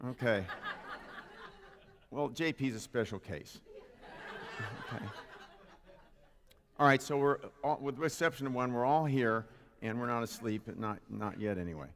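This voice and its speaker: Pausing often and keeping a measured pace, a spiritual practitioner with a mid-range, slightly bright voice jokes through a Father's Day sermon, drawing in a live congregation. His handheld or stand mic picks up slight background noise and a hall's long reverb.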